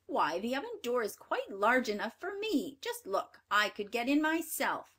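A woman's voice: a little high, very animated, moderate pace, fairly bright tone, slightly rough, heavily acted. A woman reading a storybook aloud and voicing a cruel, sneering old witch with a harsh, scolding manner.

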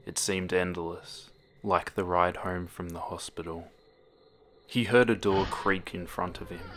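A man narrating a horror story with a steady, dramatic reading that drops to hushed moments. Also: deep voice, measured pace, a little hiss or hum. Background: music.

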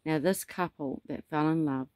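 A man's voice: a little high, normal speed, darkish tone, clean tone, no room sound, clean studio sound. A man delivering a rambling spiritual monologue, telling stories with dramatic asides. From New Zealand. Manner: meandering storyteller, dramatic asides. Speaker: self-styled prophet.

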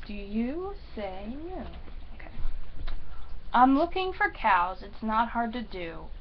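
A woman with a high voice reads a picture book aloud at an unhurried pace, sing-song and pausing to prompt a little listener for the animal noises. The recording is dull and lo-fi, with faint noise behind her. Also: sing-song. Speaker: parent reading to a small child.

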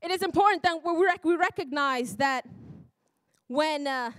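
A woman's voice: high voice, moderate pace, fairly bright tone, no room sound. A woman preacher delivering a sermon in a church, often laughing, breaking off and exclaiming to herself. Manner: laughing, self-interrupting, exclamatory.

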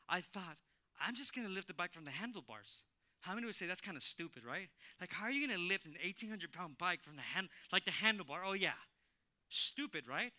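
A man preaching a sermon as pastor, telling a personal story with emphatic repetition and animated delivery. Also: high-pitched. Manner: animated, emphatic, repeats phrases, laughs with congregation. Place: church sanctuary.

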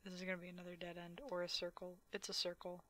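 A woman's voice: lowish voice, monotone, fast, fairly bright tone. A young adult woman streaming a game, chatting casually, teasing and laughing often and swearing playfully. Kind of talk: casual gaming chat.

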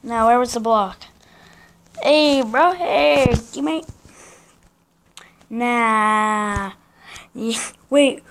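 A woman giving casual live commentary on her own gameplay, chatting in slang and breaking into excited yelps and repeated protests. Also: fairly high pitch, drawn-out words, long pauses.

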